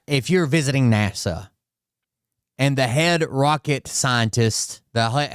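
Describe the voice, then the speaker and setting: A man with a thick Southern accent talks through clips in loose, profane commentary. He is sarcastic and circles back over his own points. His smooth voice is recorded close and dry. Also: mid-range voice, no echo. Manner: sarcastic, rambling, repeats himself. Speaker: commentary host.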